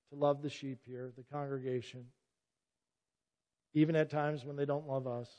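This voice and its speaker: With a slightly high, somewhat mellow voice, this middle-aged man preaches from the pulpit of a church sanctuary. He's earnest and forceful, frequently interjecting "listen" to press his points, and the recording carries a long church reverb.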